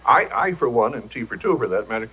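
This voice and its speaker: A man's voice: medium pitch, sing-song, fast talker, pushed and bright, breathy edge, poor audio. An older man, a talk show guest, telling wry joking anecdotes and acting out the voices he quotes, on old broadcast TV audio.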